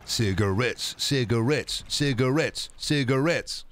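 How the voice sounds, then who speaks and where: A man voicing a slow, droning male customer who repeats his craving for cigarettes. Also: medium pitch, lightly acted. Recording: clear background noise with clicks.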